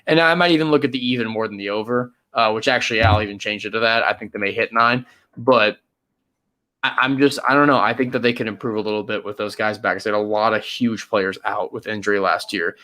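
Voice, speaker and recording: A young man co-hosting a casual sports podcast, hesitant and hedging, sometimes drawing words out and sometimes rushing. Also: on the low side, steady tone, pushed and bright. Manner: hesitant, hedging, pace swings from drawn-out to quick. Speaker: podcast co-host.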